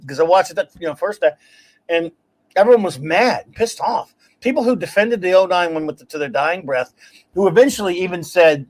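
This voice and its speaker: A man hosting a casual talk show, telling stories in an animated, ranting way and laughing as he goes. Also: high-pitched, a little fast. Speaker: podcast host. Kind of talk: casual chat.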